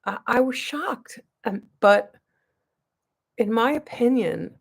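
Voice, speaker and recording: A woman's voice: a little high, animated, takes it slowly, creaky, husky. A woman vlogger telling a long personal story to her viewers in a rambling, emphatic way, full of restarts and asides. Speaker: beauty vlogger.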